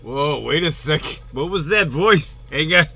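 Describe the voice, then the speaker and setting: A man's voice: on the high side, expressive, unhurried, vocal fry, pushed and bright, slightly rough. A man giving rambling, casual reaction commentary on a video, full of fillers and the odd swear.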